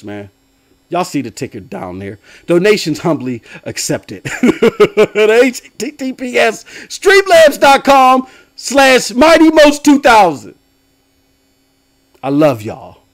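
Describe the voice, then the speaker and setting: A young man hosting a gaming live stream, ranting loudly and laughing often as he swings between shouts and low mumbles. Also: huge pitch swings, unhurried. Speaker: game streamer and podcast host.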